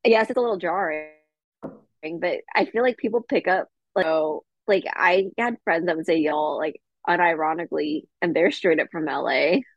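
A woman's voice: on the low side, normal speed, dull audio. A woman guest on a podcast, chatting casually, using "like" a lot and laughing often. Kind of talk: casual chat.

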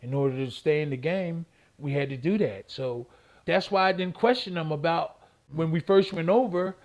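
A man's voice: on the high side, normal speed. An older man, a former boxing champion telling his story as a guest, repeating phrases and acting out old phone calls. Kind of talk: animated storytelling interview.

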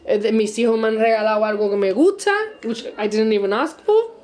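A woman's voice: a little high, fast, mellow. A woman in her forties with a Gibraltarian accent, co-hosting a casual chat, blunt and sarcastic, switching between English and Spanish mid-sentence. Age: 40s. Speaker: co-host.

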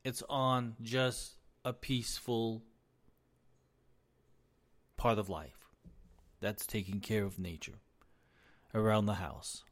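A man hosting a solo commentary, folksy and relaxed at first, then insistent and heated about the economy. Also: on the low side, slow pace, long pauses. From US East Coast. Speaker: business administrator, commentary host. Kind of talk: opinionated commentary.

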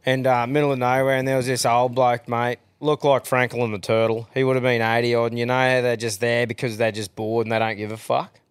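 A man's voice: medium pitch, level tone, brisk, clean tone, no echo. A man with an Australian accent hosting a podcast in laid-back, swearing banter. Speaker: podcast host. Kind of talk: casual chat.

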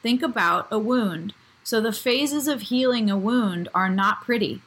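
A woman's voice: a little high, unhurried, a bit bright, husky. A woman in a casual chat, explaining her point step by step in a supportive way.

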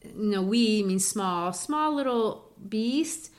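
A woman's voice: medium pitch, lively intonation, slow pace. A woman co-hosting a casual educational chat, explaining poetry in a teacherly way with frequent restarts.

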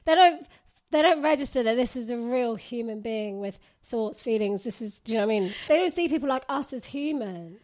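A woman co-hosts a podcast, talking in a fairly high voice. She gives earnest advice and joins in the banter in a relaxed, chatty way. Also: fairly quick. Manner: earnest, advice-giving, jokey. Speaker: podcast co-host. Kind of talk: casual chat.

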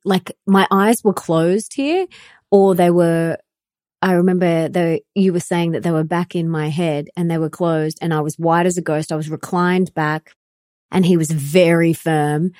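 Woman, 30s, podcast host recounting a personal story, earnest, low mellow voice, dry close sound. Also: fairly even intonation, a little slow, no room sound. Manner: earnest, emotional, many fillers like "like".

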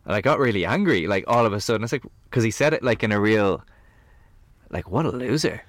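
This is a man with a very deep, low voice, chatting as a guest in a camper van. He tells his stories with animated energy and scatters "like" all through them. The sound is dry, with almost no room echo. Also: fast. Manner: animated storyteller, heavy on "like". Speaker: podcast guest. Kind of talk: casual conversation.

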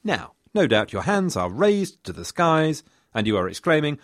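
A man's voice: a little high, normal speed, no echo, studio quality. A man narrating history as a podcast host, with wry, chatty asides. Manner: wry, lively storytelling with asides.

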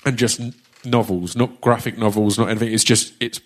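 A man's voice: on the low side, fairly even intonation, a little fast. A man with an Essex accent hosting a live audience Q&A on stage, chatting casually, joking, swearing and restarting his sentences. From Essex, England. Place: theatre stage at a live book launch.

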